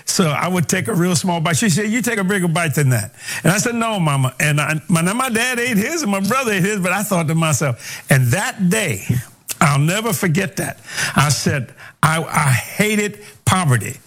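An older man with a drawl tells folksy stories in an animated way, stumbling and repeating his words as he goes. His voice sits a touch higher than most men's. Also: normal speed. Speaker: preacher, guest. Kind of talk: storytelling interview.

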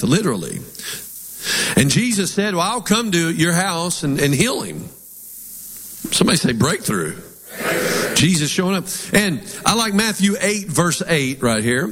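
A man preaching with emphatic delivery, and his voice sits a little high for a man. He leads the congregation in call-and-response lines, and a long reverb trails his words through the sanctuary. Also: a bit bright. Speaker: pastor. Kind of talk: sermon.

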